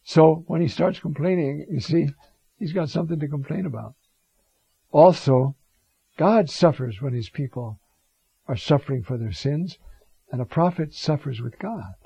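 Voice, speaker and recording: Man, homily-style Bible commentary, digressive, mellow and dark tone, dry close sound. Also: fairly high pitch, moderate pace, creaky, slightly rough, no echo. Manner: conversational, digressive, keeps saying "you see". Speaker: priest teaching on scripture. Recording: dull lo-fi close mic, dry.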